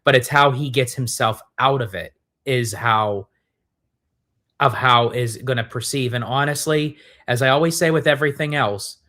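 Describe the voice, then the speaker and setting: A man's voice: mid-range voice, moderate pace, pushed and bright. A man co-hosting a casual live stream, earnest and rambling in restarts. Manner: earnest, talks in run-on restarts. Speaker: co-host.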